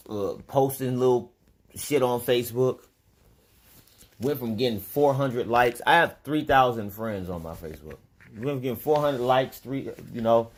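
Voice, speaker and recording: A man hosting a casual livestream who tells rambling, profane stories in a loose, offhand way. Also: mid-range voice. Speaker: livestream host and spiritual teacher.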